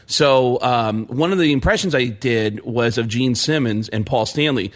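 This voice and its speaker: A man, a comedian guest, telling an animated story on a radio show and slipping into celebrity impressions. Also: mid-range voice, moderate pace. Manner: animated, lively, laughing often.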